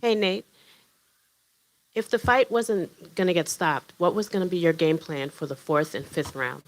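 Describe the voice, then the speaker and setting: A woman's voice: on the low side, a little slow, slight background noise, low-quality recording. A woman, a reporter, asking short, direct questions at a press conference.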